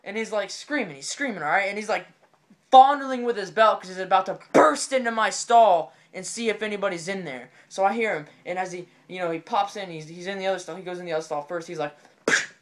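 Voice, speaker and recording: A man telling a comedic story in an excitable, rambling way, often repeating his phrases. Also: sits high, fast.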